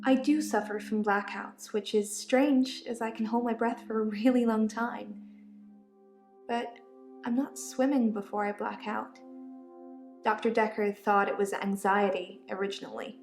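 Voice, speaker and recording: A woman voicing an odd young patient with blackouts, speaking calmly and unbothered, in echoey game audio. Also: mid-range voice, measured pace, faint music behind, natural voice.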